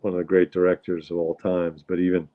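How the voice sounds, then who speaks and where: A man hosts a livestream in a loose, rambling way and keeps greeting his viewers as he talks. His voice sits on the low side, and the audio is dull and lo-fi. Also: completely flat delivery, fairly quick. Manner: rambling, easygoing, greets chat often. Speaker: livestream host. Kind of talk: casual chat with viewers.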